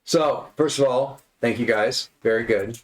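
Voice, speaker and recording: A man's voice: medium pitch, measured pace. A man narrating as game master, describing the scene in a rambling way and often restarting his sentences. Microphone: online session audio. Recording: roomy echo.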